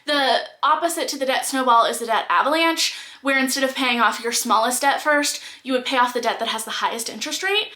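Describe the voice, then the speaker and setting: A woman's voice: a little high, bright, forceful tone, roomy sound. A woman giving candid, blunt reaction commentary on personal finance, swearing freely as she talks.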